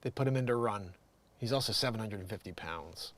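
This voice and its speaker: A man's voice: lowish voice, a little fast, fairly bright tone. A man hosting an improvised comedy show, reading the news and breaking off into jokey, rambling asides.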